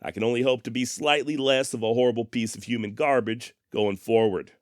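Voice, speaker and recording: A man's voice: medium pitch, fairly even intonation, brisk, no room sound, studio quality. A man hosting a history podcast, telling the story in a wry, folksy way and often mocking himself. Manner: wry, sarcastic, self-mocking; folksy turns of phrase.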